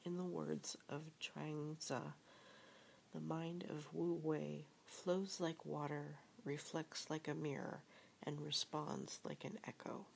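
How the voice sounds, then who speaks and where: A woman giving a soft-spoken reading of a storybook with reflective passages, often half-whispered. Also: low voice, flat delivery, takes it slowly, gravelly, a little hiss or hum. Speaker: reader.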